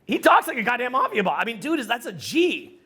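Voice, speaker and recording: A middle-aged man giving a casual, profane, rambling talk to a live audience as a social skills coach, loud and excitable. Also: very high-pitched, fast talker, husky.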